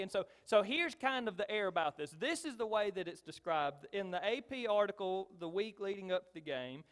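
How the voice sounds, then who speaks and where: A middle-aged man preaching a sermon as pastor, driving his points home with repeated phrases, swinging between loud stresses and quiet asides. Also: high voice.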